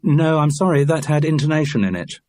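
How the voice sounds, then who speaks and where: Audiobook: male narrator as a firm, businesslike woman producer, pitched up, with a dry, close sound. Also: animated, brisk, darkish tone, no echo, close to an everyday voice. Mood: firmly correcting.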